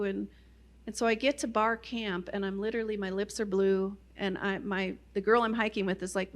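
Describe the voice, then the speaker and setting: A woman's voice: mid-range voice, steady tone, moderate pace. A middle-aged woman giving a personal testimony talk to a Christian audience, telling her story in a loose, conversational way with many "you know" fillers. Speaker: guest speaker at a Christian ministry.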